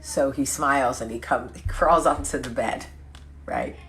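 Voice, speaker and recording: A woman hosting a casual vlog chat, telling stories with quick asides and self-corrections. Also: extremely low pitch, a little hiss or hum. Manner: chatty storytelling with quick asides; lively, laughing, self-correcting. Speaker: vlog host.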